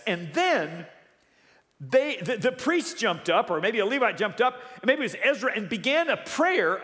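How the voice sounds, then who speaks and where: Male preacher, higher voice, lively swooping delivery, storytelling sermon with congregation call-outs. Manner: animated storytelling, calls out to congregation. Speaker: pastor. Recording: long reverb of a large hall.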